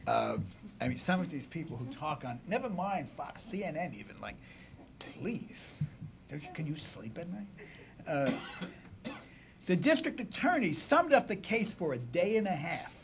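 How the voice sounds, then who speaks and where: A man giving a public lecture at a symposium, with dramatic swings from loud declaiming to a near-whisper, and asides to the audience. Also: a little high, very animated, normal speed, gravelly, noisy background. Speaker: symposium speaker.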